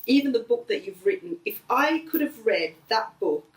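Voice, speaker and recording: A middle-aged woman, the host's mother, talking gently and earnestly in a casual family conversation. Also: on the high side, expressive, normal speed, distant mic. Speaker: mother of the host. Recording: echoey room, voice a bit off-mic.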